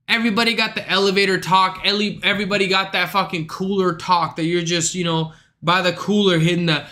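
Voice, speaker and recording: A man's voice: high-pitched, moderate pace, pushed and bright. A young man streaming, ranting in a casual, profane, slangy way to his chat. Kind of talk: livestream rant.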